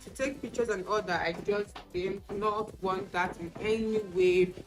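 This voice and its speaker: A woman chats candidly to camera in a relaxed get-ready-with-me vlog, her voice at an ordinary middle pitch. She tells personal stories and slips into acted-out exchanges. Clear music plays behind her. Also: measured pace, poor audio. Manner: chatty, candid storytelling; acts out quoted exchanges. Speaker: beauty vlogger. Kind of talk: casual get-ready-with-me chat. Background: music playing.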